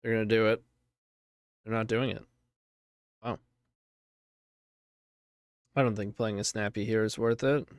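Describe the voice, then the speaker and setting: A low-leaning male voice with fairly even intonation offers casual play-by-play on a streamed card game, reacting as things unfold. He speaks at a measured pace with many pauses, and the studio-quality audio has no room sound.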